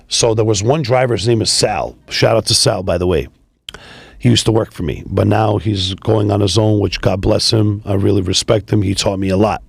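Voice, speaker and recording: A man, a tow business founder telling profane, animated stories in a casual interview. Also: lowish voice, normal speed, creaky, slightly rough, dry recording, studio quality. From New York City. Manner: profane, animated street storytelling.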